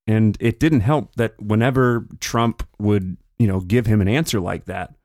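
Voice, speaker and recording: Speaking in a fairly low, slightly mellow voice, a podcast host discusses politics conversationally, slipping into quick put-on quotes when paraphrasing people. The sound is clean studio audio with no room sound.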